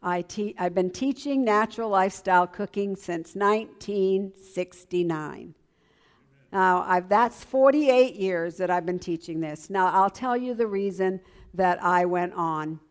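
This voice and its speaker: A woman's voice: medium pitch, a little slow. A woman in her seventies giving an enthusiastic church presentation as a health educator. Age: 70s. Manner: lively, enthusiastic, emphatic.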